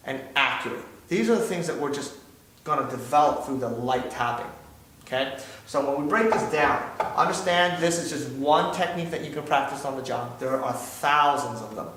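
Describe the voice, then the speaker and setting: A man's voice: medium pitch, a bit bright. A man instructing a martial arts drill, patient and explaining step by step, checking in with frequent questions. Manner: patient, repeats "okay?" often. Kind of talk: demonstration lesson. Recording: echoey room, distant from mic, noisy.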